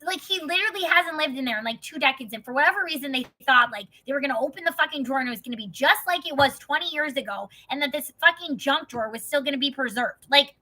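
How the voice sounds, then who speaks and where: A young woman from Wisconsin vents through a personal story in a loose, fired-up vlog. She talks in a high, very bright and sharp voice. She swears freely and strings her sentences together with "like.". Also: animated, fast talker, few pauses, low-quality recording. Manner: profane, heated, heavy use of "like" as filler. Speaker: vlogger. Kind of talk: casual storytelling.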